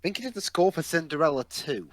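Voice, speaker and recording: A man co-hosting a casual watch-along commentary, cracking sarcastic, quick quips. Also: a little high, very animated, a bit bright, no room sound. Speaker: commentary co-host. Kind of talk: casual chat.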